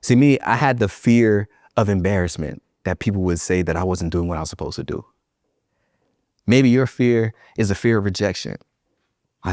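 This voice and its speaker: A man's voice: on the low side, moderate pace, darkish tone, no echo, clean studio sound. A man giving a motivational keynote to educators, emphatic and repeating phrases for effect, telling personal stories with humor.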